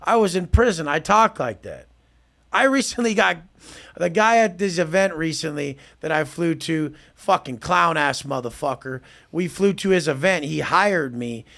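A man's voice: fairly high pitch, animated, normal speed, vocal fry, fairly bright tone. A man speaking as a podcast guest, in a blunt, intense and profane casual style. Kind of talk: casual talk.

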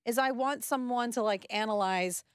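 A woman's voice: fairly high pitch, normal speed, smooth, no echo, clean studio sound. A woman co-hosting a podcast in casual chat, laughing easily and skeptical as she teases her partner. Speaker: podcast co-host.

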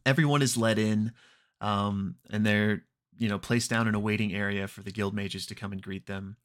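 Low-voiced man recapping an episode. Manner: relaxed, unhurried retelling with frequent ums and throat clearing; briefly acts out characters' lines in quoted voices. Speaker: podcast host recapping an actual-play episode.

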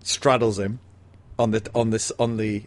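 A man's voice: on the low side, level tone, measured pace. A man co-hosting a casual book chat, rambling with bawdy, giggly storytelling. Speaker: podcast co-host. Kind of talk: casual chat about a mystery novel.

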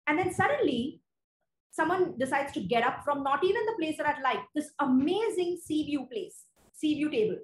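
A woman preaching a sermon, earnest and conversational, reading scripture slowly and deliberately. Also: sits high, animated, echoey room, rough recording.

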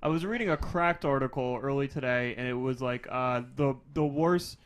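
A man co-hosting a comedy podcast, chatting casually and reading a passage aloud slowly with mock drama, breaking into laughs. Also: mid-range voice, slight background noise. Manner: reads erotic fiction aloud in a slow mock-dramatic voice, laughing. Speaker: podcast co-host.

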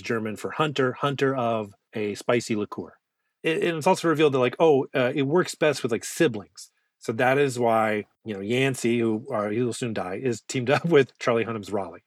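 Man, podcast co-host, casual movie chat, rambling jokes, mid pitch, dry close sound. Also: no room sound. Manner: joking, rambling, swears freely.

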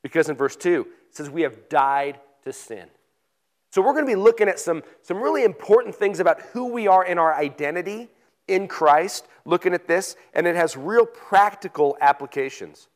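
High-voiced man preaching conversationally. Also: expressive, moderate pace. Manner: conversational preaching, reads scripture aloud with emphasis. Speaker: pastor. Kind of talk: sermon.

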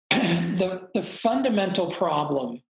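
A middle-aged man tells a personal story in a frank, reflective way, cursing offhandedly. His voice has a gravelly edge. The room adds a noticeable echo. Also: high-pitched, very animated, slow. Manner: reflective, frank, swears casually. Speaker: guest telling a personal story. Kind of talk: candid storytelling conversation. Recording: roomy echo.

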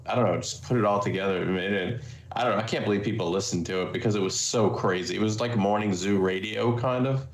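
A man's voice: sits low, creaky. A man reminiscing in casual panel chat, rambling with lots of fillers. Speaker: podcast host. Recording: echoey room.

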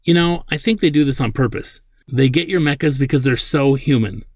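A man's voice: medium pitch, a little fast, no echo, studio quality, voice pushed up, natural voice. A man voicing a nervous young male street programmer who talks in an eager, defensive way. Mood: scornful.

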